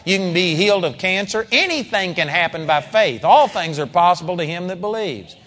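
A man's voice: sits high, animated, brisk, fairly bright tone, long reverb tail. A man preaching a sermon in a conversational style with dramatic emphasis.

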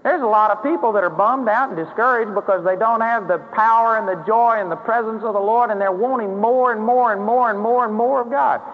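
A man's voice: sits high, fairly quick, hardly any pauses, in a large hall. A man preaching a sermon in a conversational way, rising into emphatic acted prayers. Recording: dull, hollow-sounding sermon recording with faint hiss.

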